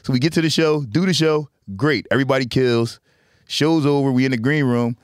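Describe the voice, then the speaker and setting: A man and comedian telling stories in casual podcast chat, animated and full of slang. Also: mid-range voice, a little fast, no echo, studio quality.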